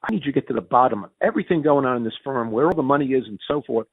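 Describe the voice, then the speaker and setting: Lively gravelly man with a Yankee accent. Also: very fast, no echo. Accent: Northern US Yankee. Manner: animated, acts out quoted dialogue with big pitch jumps; frequent restarts and repeated words. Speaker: interview guest. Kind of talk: storytelling in a conversational interview. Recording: tinny phone-like dry audio.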